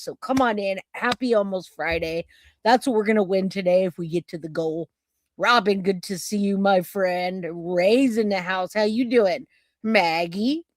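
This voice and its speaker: A woman's voice: medium pitch, no room sound, clean studio sound. A woman hosting a casual live stream, chatting and rambling as she greets viewers by name. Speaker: livestream host.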